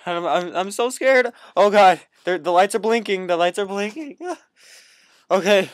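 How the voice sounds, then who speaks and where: A man's voice: high-pitched, normal speed, no room sound, clean studio sound. A man acting the lead in an improvised found-footage horror film, swinging between screams and whispers.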